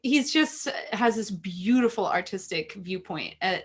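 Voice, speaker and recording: A woman co-hosting a relaxed chat, speaking at a mid pitch typical for a woman. She gushes with praise and wanders from thought to thought. She is an opera singer talking informally. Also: measured pace, husky. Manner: effusive, gushing, rambling. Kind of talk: casual chat.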